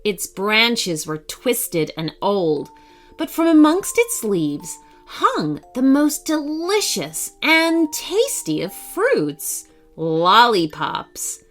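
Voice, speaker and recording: A woman reading a bedtime story for children in an expressive, sing-song way, with soft music behind. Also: a little high, drawn-out words.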